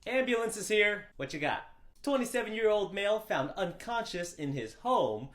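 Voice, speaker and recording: A man's voice: sits high, big pitch swings, normal speed, very noisy. A man acting out a comedy skit of hospital scenes, flipping between an exasperated staffer and clueless characters. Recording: echoey room.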